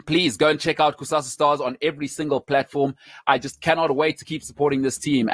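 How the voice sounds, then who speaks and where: A man's voice: on the high side, a bit bright, dry recording. A man hosting a sports talk show, effusive and grateful, often stumbling over his words. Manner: effusive, stammering restarts. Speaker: host. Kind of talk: casual chat.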